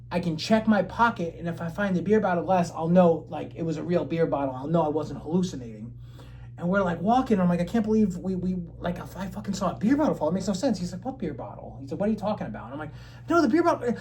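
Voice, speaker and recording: A man telling a story in casual podcast chat, animated and profane, his voice jumping high whenever he quotes himself. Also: rough recording. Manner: animated, swears a lot, jumps high when quoting himself.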